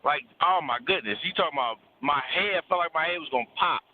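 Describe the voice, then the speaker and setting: Heard over a tinny phone connection with weak bass and a bit of hiss or hum, a fairly high-voiced man preaches bluntly about relationships on a casual call-in show. He swears liberally, repeats words for emphasis, and talks briskly with lively intonation.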